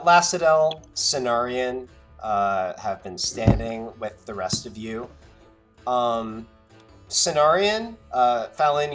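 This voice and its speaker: A man narrating a tabletop game as game master, halting with many ums and uhs. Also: mid-range voice, a bit bright.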